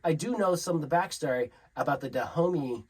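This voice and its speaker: A man in his forties, co-hosting a casual podcast, talking in an animated, profane and joking way. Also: a little high, a little fast, low-quality recording. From California. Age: 40s. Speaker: podcast co-host. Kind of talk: casual chat.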